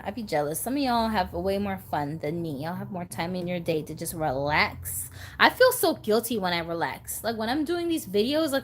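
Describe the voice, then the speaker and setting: A woman hosting a casual live stream about doll collecting, chatty and giggly. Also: mid-range voice.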